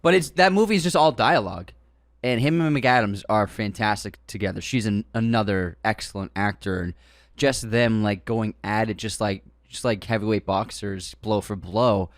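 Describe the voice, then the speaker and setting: A man's voice: fairly low pitch, normal speed, dry recording, studio quality. A man co-hosting a podcast, chatting casually and enthusiastically about movies, rambling with fillers and restarts. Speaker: podcast co-host. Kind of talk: casual film discussion.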